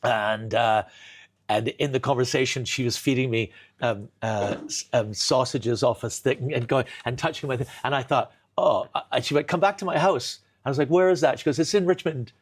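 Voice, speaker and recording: A man telling a long comic story in a kitchen chat, animated, full of restarts and bursts of laughter. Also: medium pitch, moderate pace, slightly rough. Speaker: comedian guest.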